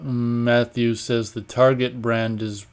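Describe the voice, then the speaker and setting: A man of middling pitch hosts a live stream, reading viewer comments aloud and riffing on them. He talks in a loose, rambling, offhand way and keeps stopping to clear his throat. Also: little pitch movement, takes it slowly. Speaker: host of a live online radio stream.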